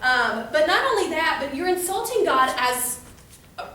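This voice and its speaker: A young woman speaks to a youth group in a casual devotional talk, rambling through stories with plenty of fillers. Her voice is high and bright. She is picked up from far off in a strongly echoing room. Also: very animated, moderate pace, a little hiss or hum. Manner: chatty, filler-heavy storytelling.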